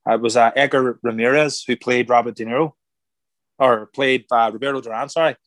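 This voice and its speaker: Guy telling a story on an interview, lively, does the voices of people he quotes, dry close sound. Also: mid-range voice, a little fast, no echo. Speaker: guest, former boxer turned actor.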